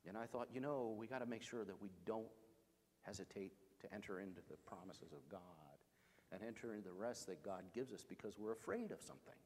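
A man's voice: on the low side, a little fast, darkish tone, long reverb tail. A middle-aged male pastor preaching a sermon, in an emphatic, storytelling way.

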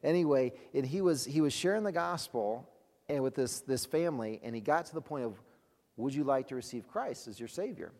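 A man's voice: mid-range voice, expressive, darkish tone, in a large hall. A man leading a ministry, telling testimony stories in a conversational way, with frequent restarts and laughter. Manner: conversational storytelling, halting restarts, laughs often. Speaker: ministry leader.

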